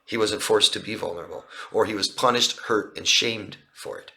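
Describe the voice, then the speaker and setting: A man's voice: fairly low pitch, normal speed, gravelly, sharp tone. A man working as a relationship coach, answering viewer questions in a live Q&A with an earnest, explanatory manner, outdoors by a street. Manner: earnest, explanatory, repeats and restarts phrases.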